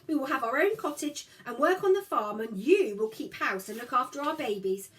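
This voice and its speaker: Earnest, gentle farm boy, as a woman reads him. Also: high-pitched, lively intonation, moderate pace, distant mic, voice pushed up. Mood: coaxing, earnest. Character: kind, protective farm boy, older brother.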